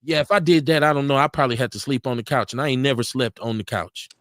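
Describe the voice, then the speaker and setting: A man's voice: mid-range voice, fast talker, no room sound, clean studio sound. A man hosting a casual live radio talk show, telling stories with lots of laughter and acting out what people said. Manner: animated, laughing storyteller acting out quotes. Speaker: show host. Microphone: studio mic for a live stream.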